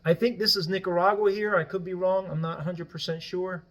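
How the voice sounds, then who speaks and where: A man with a notably high voice talks through his points as a guest on a casual podcast. His first language is Spanish. He explains at length and tags his points with "right?". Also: flat delivery, fairly quick, a bit bright. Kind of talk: casual political podcast discussion.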